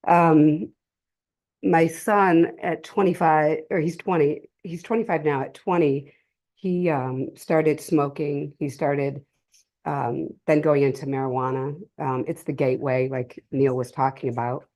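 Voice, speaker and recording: Middle-aged woman, low-pitched, soft warm tone, emotional halting testimony, live audience talk. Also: steady tone. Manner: emotional, halting, many pauses and restarts. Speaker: speaker sharing a family story at a drug-prevention session. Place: community cultural center, in person.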